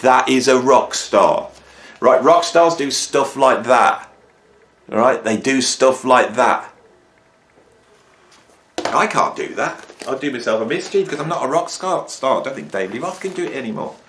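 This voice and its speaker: A man's voice: mid-range voice, lively intonation, unhurried, a bit bright. A middle-aged man chatting enthusiastically and jokily about his vinyl records at home. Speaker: music YouTuber. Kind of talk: casual vlog chat. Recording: roomy echo.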